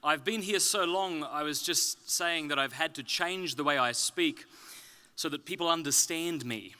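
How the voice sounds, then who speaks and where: A man from Australia with a softened Australian accent gives a public talk at a conference, with wry, self-deprecating humor. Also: on the high side, measured pace, clean tone. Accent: Australian, softened toward British. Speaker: conference speaker. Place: conference stage.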